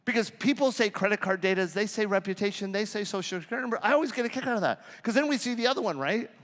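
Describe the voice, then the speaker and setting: A man's voice: high voice, rapid-fire, long reverb tail. A man giving a live conference talk, joking and swearing as he tells stories. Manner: profane, joking, animated storytelling. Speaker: conference speaker. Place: large conference hall.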